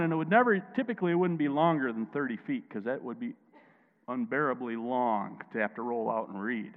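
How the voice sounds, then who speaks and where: A man preaching a sermon as pastor, emphatic, dropping quiet and then rising loud, and calling on listeners to answer back. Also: medium pitch, expressive, fairly quick. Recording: tinny phone-like sound, long hall echo.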